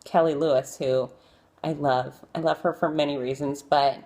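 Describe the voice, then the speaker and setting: A woman talks to her viewers in a loose, live-stream style, spinning anecdotes full of fillers and restarts. Her voice sits a little low, but she jumps up high when she acts out what people said. She pokes fun at herself throughout. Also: normal speed. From Florida. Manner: chatty and animated, acting out quotes in a high voice; self-deprecating with frequent fillers. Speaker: vlogger telling stories of celebrity interviews. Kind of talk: casual live-stream storytelling.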